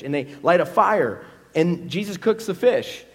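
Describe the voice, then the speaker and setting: A man's voice: on the high side, normal speed. A man, a pastor preaching a storytelling sermon and acting out scenes in character voices. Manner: animated, acts out scenes in voices. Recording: long hall reverb.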